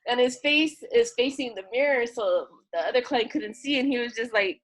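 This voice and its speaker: Woman from hawaii, tattoo artist, chatty storyteller doing everyone's voices, kinda high voice. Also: normal speed, low-quality recording. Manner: animated, acts out quoted voices, laughs often. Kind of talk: casual storytelling in an interview.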